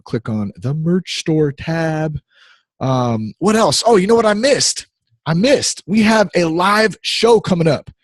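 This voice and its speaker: A man's voice: on the high side, no room sound. A man in his thirties hosting a podcast, talking casually in a rambling, easily distracted, playful way. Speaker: podcast host.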